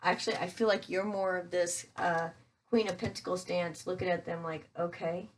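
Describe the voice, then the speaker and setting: Lowish-voiced woman chatting thru a tarot reading, keeps saying guys, lots of ums. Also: fairly even intonation, moderate pace, slight background noise. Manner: chatty, addresses viewers as guys, thinks aloud with fillers. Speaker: tarot reader. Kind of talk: casual tarot reading for viewers.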